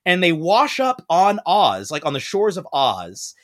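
A man hosting a podcast, telling a story in a casual chat and acting out the quoted lines in high voices. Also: wildly swooping pitch, measured pace, fairly bright tone. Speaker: podcast host.

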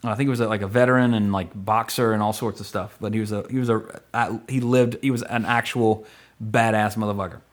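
A middle-aged man hosting a podcast, rambling through a movie review with quick asides and casual swearing. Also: on the low side, fairly even intonation. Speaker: podcast host.

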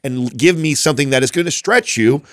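A man co-hosting a podcast who speaks quickly, in a direct coaching manner. His pitch sits in the middle of the male range. The sound is dry and close. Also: a bit bright, dry recording. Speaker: podcast co-host. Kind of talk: casual chat.

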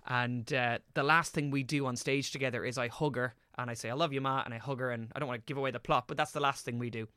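A young man in his late twenties, an actor on a podcast, talks in a bright, forceful voice. He tells stories with lively energy and drops casual swear words. The sound is close and dry, with no room around it. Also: mid-range voice, quick pace, smooth, no room sound. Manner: animated anecdotal storytelling with casual swearing. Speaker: actor guest.

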